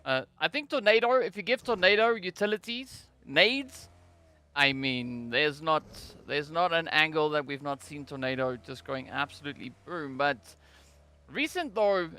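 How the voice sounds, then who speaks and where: A man with a South African accent casting a live esports match in a measured, analytical, easygoing way. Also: on the high side, expressive, pushed and bright, smooth. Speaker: esports caster.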